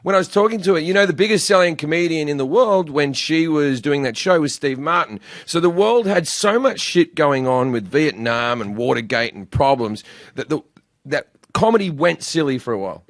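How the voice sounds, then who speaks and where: An Australian comedian host in casual podcast chat, teasing and self-mocking with crude language. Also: male voice, on the high side, expressive, normal speed, dry recording, clean studio sound.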